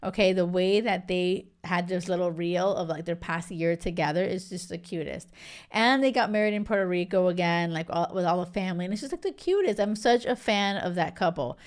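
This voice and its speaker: A woman vlogger giving an animated, emphatic casual recap, full of filler words. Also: fairly low pitch, brisk.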